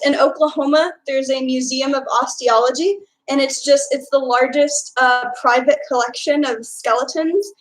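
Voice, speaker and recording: Speaking in a high voice, a young woman from Texas with a Texan accent hangs out on a live stream, chatty and filler-heavy as she reads and replies to her chat. The recording quality is low.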